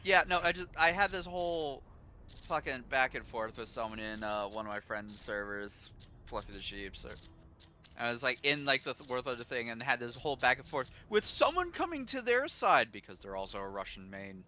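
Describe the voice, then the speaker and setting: A man's voice: mid-range voice, normal speed, faint music behind. A man streaming and chatting casually, ranting and swearing a lot as he talks about a game. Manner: animated ranting, swears often. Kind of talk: casual gaming chat.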